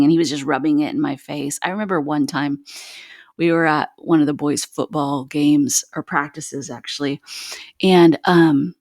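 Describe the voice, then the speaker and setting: A woman with a deep, low voice tells her own story with raw, unpolished candor, often pausing on "um" and "like." She sounds close and dry on a podcast microphone, with no room around her. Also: fairly even intonation, darkish tone, dry recording. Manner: raw, earnest, frequent "like" and "um". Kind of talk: candid personal storytelling.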